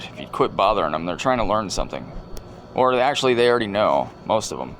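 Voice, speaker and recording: Deadpan rambling man hosting a video. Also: lowish voice, quick pace, slight background noise. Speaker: video host. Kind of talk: casual commentary over video clips.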